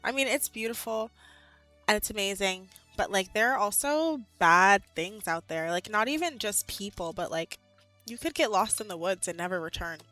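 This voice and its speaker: Slightly out of breath, a young woman in her twenties talks casually with her stream's live chat at a moderate pace, her medium-pitched voice animated and sprinkled with laughs and "like"s. Faint music plays in the background.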